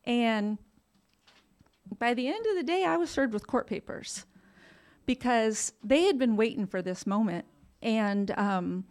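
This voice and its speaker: A woman's voice: on the high side, darkish tone. A woman frankly telling her own recovery story, self-deprecating and casually swearing, laughing through painful memories. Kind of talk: candid personal storytelling.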